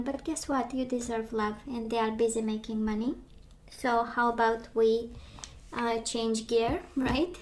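A woman losing her voice gives a gentle, reassuring tarot reading, talking with many fillers. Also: a little high, a little hiss or hum. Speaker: tarot reader.

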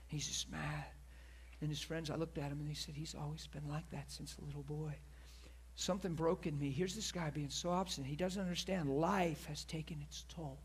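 A man preaching a sermon, telling a story with lively acted-out quotes and sudden soft whispers. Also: on the high side, moderate pace, slightly rough. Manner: animated storyteller, acts out quoted voices, drops to soft whisper at emotional moments.

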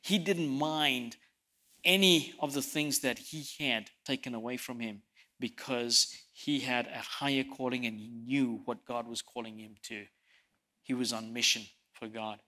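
A man preaching a sermon, telling stories and swinging from loud emphasis to soft, quiet lines, sometimes repeating words as he presses a point. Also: medium pitch, fairly even intonation, measured pace. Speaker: pastor.

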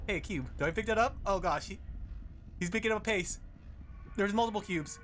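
A man's voice: high voice, animated, moderate pace, long pauses, a bit bright, a little hiss or hum. A man streaming a game, chatting casually with his viewers and laughing often as he plays. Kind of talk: casual gaming commentary.

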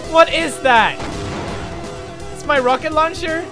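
A man giving excitable let's play commentary over a video game, laughing a lot and breaking into shouts. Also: very high voice, slow pace, music in the background. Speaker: gaming commentator.

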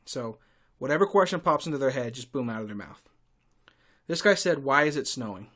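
A man's voice: mid-range voice, animated, fairly quick. Sarcastic man ranting on a podcast. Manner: sarcastic, irritable, with sudden loud outbursts. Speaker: podcast host and tour guide. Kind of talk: casual ranting monologue.

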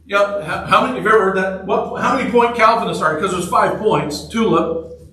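High-voiced preacher, echoey church. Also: male voice, brisk, pushed and bright. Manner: conversational, joking, repeats phrases. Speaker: pastor. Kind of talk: sermon. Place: church sanctuary. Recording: echoey church hall from far off.

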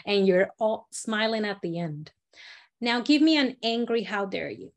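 A woman leads a storytelling workshop in a somewhat high voice. She coaches with encouragement and acts out short lines with lively shifts of tone as she teaches. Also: a little slow. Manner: expressive, encouraging, demonstrates lines with lively voice changes. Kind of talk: workshop instruction with acted demonstrations.

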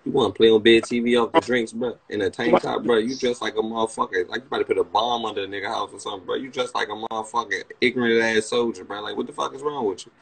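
Young man, DC-area accent, husky livestream host, brash roaster. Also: on the low side, fairly even intonation, fast, few pauses, low-quality recording. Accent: Washington DC area. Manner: brash, profane, mocking. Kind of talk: casual livestream chat, roasting a guest.

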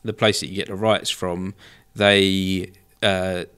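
A man with a fairly low voice, relaxed and chatty as a podcast guest. He explains things at length, tripping lightly over words now and then. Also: takes it slowly, clean tone. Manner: easygoing, explains at length with small stumbles. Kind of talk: casual chat.

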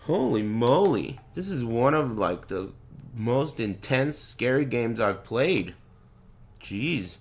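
A man's voice: medium pitch, big pitch swings, takes it slowly. A man playing a horror game, muttering directions to himself and swearing when something startles him. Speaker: gaming streamer. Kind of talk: let's play commentary.

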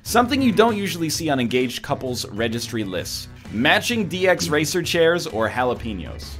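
Animated, bright-voiced man joking around. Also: a little high, normal speed, faint music behind. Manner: jokey, animated, laughs often. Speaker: streamer reading game prompts. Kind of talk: casual banter while playing a party game.

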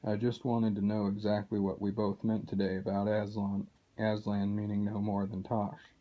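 A man's voice: fairly low pitch, monotone, moderate pace, lightly acted. A man reading aloud as a sly male cat with a silky, scheming manner. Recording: dull lo-fi recording.

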